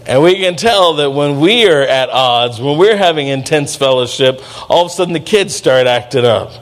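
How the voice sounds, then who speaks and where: An animated middle-aged man preaching a sermon, his voice sitting a little high. He keeps it lively with playful asides and jumps into acted-out voices now and then. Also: moderate pace. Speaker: pastor.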